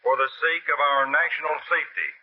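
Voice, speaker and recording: A man's voice: fairly high pitch, steady tone, brisk, husky. An actor playing a stern male counterspy chief, giving a clipped official bulletin, in 1940s radio acting. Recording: tinny, phone-like old radio recording.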